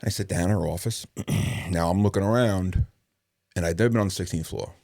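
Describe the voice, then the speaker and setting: A middle-aged man, a former police detective, telling a story in a casual interview, profane and animated, acting out the dialogue. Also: low-pitched, brisk, no room sound, clean studio sound.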